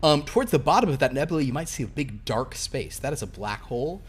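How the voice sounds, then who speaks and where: A man doing a calm starship captain. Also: medium pitch, fast talker, breathy edge. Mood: announcing. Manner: casual, reassuring announcements.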